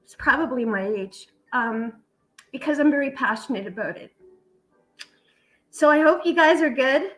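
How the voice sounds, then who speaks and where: A woman's voice: sits high, expressive, normal speed, pauses often, soft background music, rough recording. A middle-aged woman hosting a casual chat, talking in a heartfelt, tearful way and swearing casually. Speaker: vlog host.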